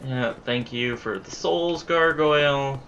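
A man's voice: medium pitch, slow, a bit bright, muffled recording, slight background noise. A man giving live gameplay commentary, exasperated and profane, talking back at enemies as he plays. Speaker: let's play gamer.

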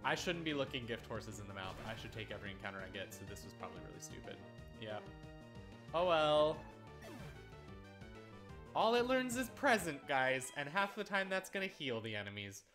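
A man's voice: mid-range voice, sing-song, normal speed, music in the background. A man casually commenting on a video game as he plays, sarcastic, often repeating words in exasperation. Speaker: let's play host.

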